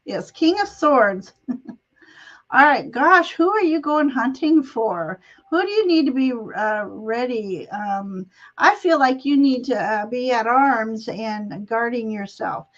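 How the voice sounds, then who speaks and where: A woman's voice: a little high, lively intonation, slow, highs cut off. A woman hosting a live tarot reading over a video call, talking in a chatty, giggly, meandering way. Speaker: tarot reader and show host.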